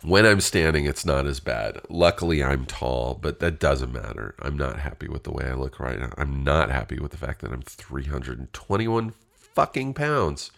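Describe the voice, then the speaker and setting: A man's voice: extremely low pitch, expressive, normal speed, creaky, hardly any pauses, a bit bright. A middle-aged man hosting his own podcast, talking candidly and self-deprecatingly with casual swearing, his voice a little stuffy and congested. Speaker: podcast host. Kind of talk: casual solo podcast talk.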